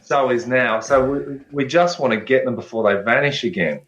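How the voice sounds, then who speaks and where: A man's voice: medium pitch, moderate pace, fairly bright tone, lo-fi sound. Man on an echoey remote line. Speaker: guest researcher. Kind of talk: casual interview.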